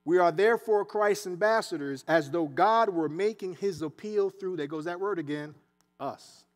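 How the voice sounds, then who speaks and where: A man preaching a sermon in a church, animated and conversational, with asides and dialect. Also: high voice, normal speed. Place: church sanctuary.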